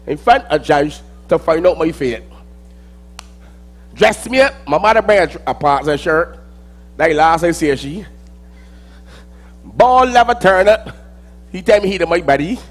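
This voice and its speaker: Barbadian man, very high voice, theatrical spoken-word delivery with loud bursts and low mutters. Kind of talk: dramatic spoken-word monologue.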